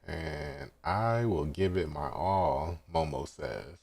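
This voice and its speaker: A man's voice: a bass voice, slow pace, gravelly, darkish tone, breathy edge. A man hosting a casual live manga reaction, recapping scenes and quoting characters with laughs.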